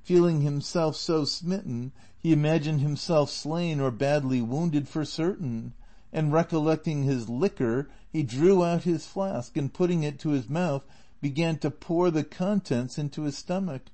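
A man narrating a classic novel as an audiobook in a steady, measured way. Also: a little high.

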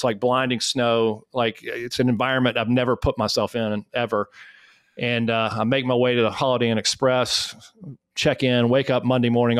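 A man from South Carolina with a Southern US accent, a podcast guest telling animated, self-deprecating anecdotes. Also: mid-range voice, dry recording, studio quality. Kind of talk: storytelling in a podcast interview.

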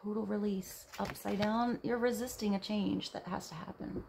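A woman reading tarot cards in a soft, dreamy way, her voice edged with vocal fry. She drifts between gentle talk and near-whispers. A faint hiss sits under the recording. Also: medium pitch, fairly even intonation, normal speed. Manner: soft, dreamy, drops to a whisper when reading card texts. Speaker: tarot reader.

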